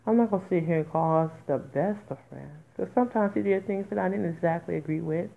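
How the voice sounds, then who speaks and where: A podcast host talks quickly in a lowish voice with vocal fry, sharing an emotional personal monologue. She is candid and informal, speaking in dialect and breaking into raw, emphatic outbursts. The sound comes across tinny, as if over a phone.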